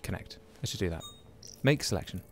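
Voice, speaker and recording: Lively man narrating his gameplay. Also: sits low, brisk, gravelly, faint music behind. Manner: chatty, exclaims and muses aloud while playing. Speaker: gaming YouTuber. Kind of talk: casual gameplay commentary.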